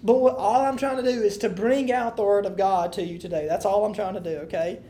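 A woman's voice: medium pitch, steady tone, a little fast, warm tone. A woman leading a Bible study, reading scripture aloud with emphasis and then explaining it in loose, casual talk to a room of listeners.

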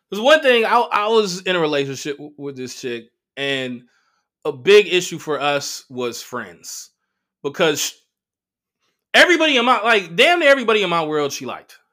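Brief: male comedian host, solo chat, a touch high, bright and punchy, swears freely. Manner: profane, animated storytelling with voiced quotes. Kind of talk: casual solo monologue.

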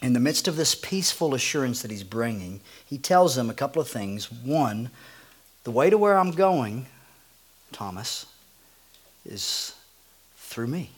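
A man preaching a sermon, dropping to a hushed low voice for scripture and rising when he gets excited. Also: a little slow, pauses often, slightly rough. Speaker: pastor.

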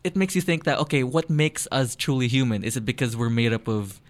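A man of middle pitch on a casual podcast, talking eagerly and at length. He restarts his sentences often as he builds up an explanation, keeping an easy, chatty tone. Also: expressive, a little fast. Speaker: podcast co-host.

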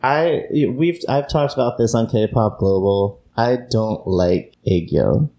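Brief: man, 30s, low gravelly voice, frank and opinionated. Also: slow pace, warm tone. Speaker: expat panelist. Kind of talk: casual group chat.

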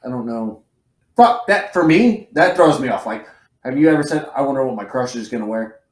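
Brisk and mid-range in voice, a man co-hosting a podcast talks casually with plenty of profanity. He energetically replays scenes, raising his voice to act out the quotes, and the sound is roomy.

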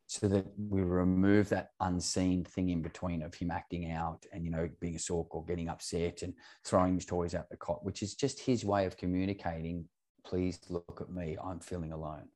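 A man's voice: sits low, warm tone. A man talking earnestly and openly as a podcast guest, swearing casually as he speaks. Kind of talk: candid podcast conversation.

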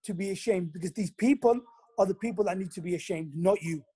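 A man's voice: high-pitched, fast, warm tone, husky, no echo, clean studio sound. A man talking as a guest in a casual chat, giving emphatic advice. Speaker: guest, businessman.

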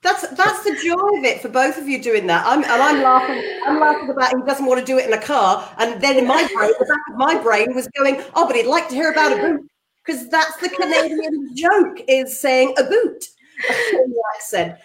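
A woman co-hosts a casual live-stream chat, bubbly and quick to laugh. Her voice sits high. The room around her gives it a noticeable echo. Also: animated, a crowd in the background. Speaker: co-host.

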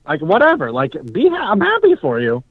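A man talks sports in a loose, rambling way, jumping into mocking voices for fans he can't stand. His pitch swings up and down a lot, and the recording is dull and dry. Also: a little fast, no room sound. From Southern California. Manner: animated, rambling, mocks fans in put-on voices. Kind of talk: casual sports chat. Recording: dull dry podcast audio.

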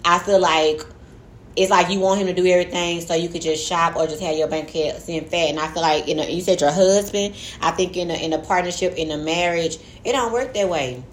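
A woman's voice: fairly low pitch, brisk, a little hiss or hum. A young adult woman co-hosting a podcast, talking in a candid, profane, joking casual way, reading and answering a listener letter. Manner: candid, profane, laughing, loose slangy talk. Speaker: podcast co-host.

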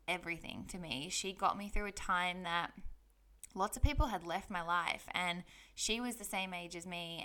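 A woman's voice: fairly low pitch, a bit bright, smooth. A young woman telling her personal story in a candid, heartfelt, chatty way on her vlog. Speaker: vlogger.

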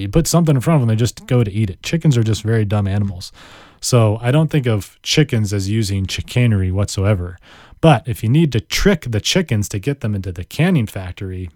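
A man's voice: medium pitch, a little mellow, dry recording, clean studio sound. A man hosting a casual vocabulary podcast, playful and chatty, savoring words and joking about himself. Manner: self-deprecating asides. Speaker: podcast host.

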